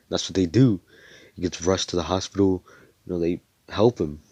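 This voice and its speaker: A man's voice: low-pitched, moderate pace, a little mellow, no echo. A young man casually narrating a fan story in a rambling, slangy way, with swearing.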